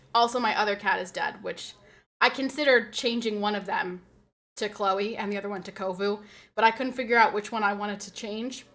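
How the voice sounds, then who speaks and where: A woman's voice: medium pitch, fairly bright tone. A woman streamer chatting casually with her viewers, rambling and laughing often as she reads and answers chat.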